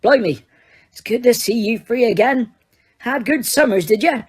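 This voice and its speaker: A woman voicing a gruff giant gamekeeper. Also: a little high, moderate pace, darkish tone, voice pushed up. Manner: blunt, dialect-heavy speech. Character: huge gruff bearded gamekeeper man, secretive.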